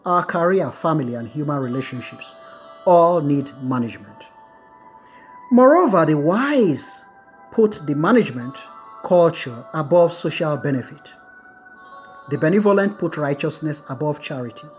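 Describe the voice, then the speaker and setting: A middle-aged man giving a recorded lecture on Buddhist wisdom, repeating key phrases slowly so students can write them down. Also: a little high, expressive, soft background music.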